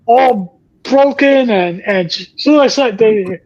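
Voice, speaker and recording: A man's voice: very high-pitched, slow, a little mellow, muffled recording. A man hosting a casual chat, telling stories in a rambling way with many restarts. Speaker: podcast host.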